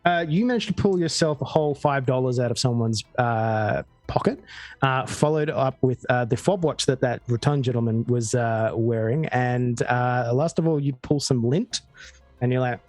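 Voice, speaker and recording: A man with an Australian accent, narrating a tabletop game as game master, relaxed and full of fillers. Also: medium pitch, moderate pace, no echo, soft background music. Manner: relaxed storytelling with frequent fillers.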